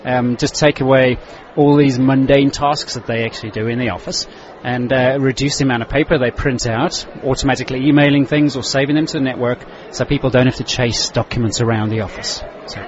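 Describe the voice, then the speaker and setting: Mid-pitched male consultant, steady and explanatory, slightly dull recording with faint noise. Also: fairly quick, few pauses. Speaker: software consultant. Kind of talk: interview at a trade show.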